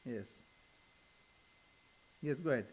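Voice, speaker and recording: Slow-speaking older Indian swami. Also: male voice, medium pitch, animated, slight background noise. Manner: slow, gentle, chuckling often. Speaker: swami answering questions. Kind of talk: informal spiritual talk with questions.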